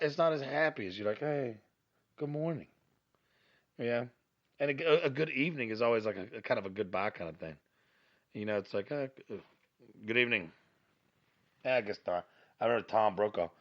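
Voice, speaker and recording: A middle-aged man rants into the mic in a low voice, crude and rambling, swearing freely as he wanders from point to point. The recording sounds dull and lo-fi, like a cheap home setup. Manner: crude, rambling, grumbling, lots of cursing and filler. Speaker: podcast host. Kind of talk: profane solo rant.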